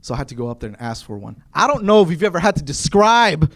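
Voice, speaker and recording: A man from Kentucky telling stand-up stories on stage to a live audience, with an animated, punchy, conversational delivery into a handheld mic. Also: on the high side, fast. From Kentucky, USA. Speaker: stand-up comedian. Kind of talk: stand-up comedy storytelling.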